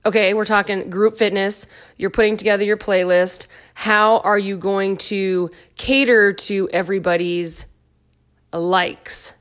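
A woman's voice: mid-range voice, fairly even intonation, measured pace, a bit bright. A middle-aged woman hosting her own dance fitness podcast, chatty and goofy with playful asides. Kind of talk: casual solo podcast talk.

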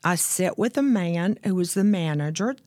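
A woman guest telling her own story of addiction and recovery in an earnest, candid way, slowing down to stress key points. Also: lowish voice, animated, a little mellow, no echo. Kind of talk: personal testimony in conversation.

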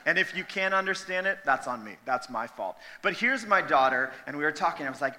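Guy pastor, 30s, casual jokey sermon, kinda high voice, echoey church hall. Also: animated, fairly quick, hardly any pauses, sharp tone. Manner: conversational, joking, emphatic. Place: church sanctuary. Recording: long hall reverb.

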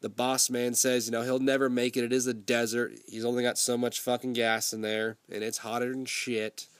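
A man's voice: mid-range voice, flat delivery, moderate pace, clean tone, dry recording. Man with a summer cold, laid-back swearing recap host, dry close sound. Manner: loose, swearing, conversational storytelling. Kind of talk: casual profane movie recap.

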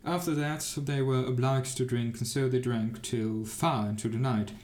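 A man's voice: mid-range voice, fairly even intonation, moderate pace, a little mellow. Man reading a fairy tale in an echoey room. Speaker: narrator. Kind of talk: storybook reading.

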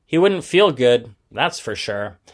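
A man reading aloud and voicing a calm, caring father in a children's story. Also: medium pitch, slow pace. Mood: reassuring. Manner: gentle, reassuring.

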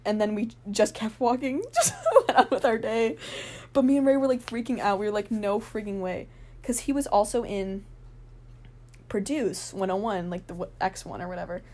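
A young woman telling a rambling, excited story in a casual vlog, full of fillers and laughs. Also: a little high, moderate pace.

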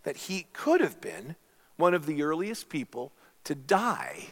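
A man's voice: a little high, huge pitch swings, a little slow, a bit bright. A middle-aged man preaching a sermon as a pastor, telling stories earnestly and calling his listeners friends.

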